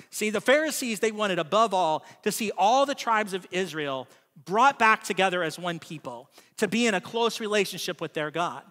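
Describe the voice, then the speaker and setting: High, bright-voiced man preaching in a hall. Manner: conversational preaching with frequent "right?" asides. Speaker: pastor. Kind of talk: sermon. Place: church hall.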